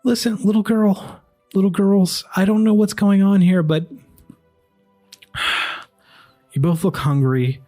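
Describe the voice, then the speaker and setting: A man voicing a wary, grumbling human father, halting and exasperated. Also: medium pitch, expressive, a little mellow, faint music behind. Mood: alarmed.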